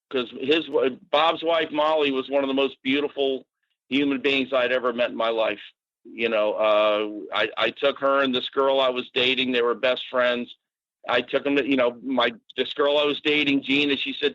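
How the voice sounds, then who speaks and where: A man in his sixties from Massachusetts, a podcast guest telling stories in an animated, casual way with swearing and fillers. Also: mid-range voice, normal speed, no room sound. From Natick, Massachusetts. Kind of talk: casual storytelling. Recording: dull dry podcast audio.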